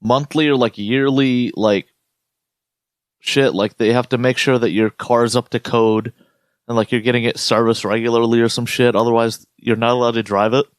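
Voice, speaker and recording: A man's voice: medium pitch, normal speed, dry recording, studio quality. A young man co-hosting a podcast, talking casually and ranting with lots of swearing. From United States. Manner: profane, ranting, animated storytelling. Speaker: podcast co-host. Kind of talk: casual chat.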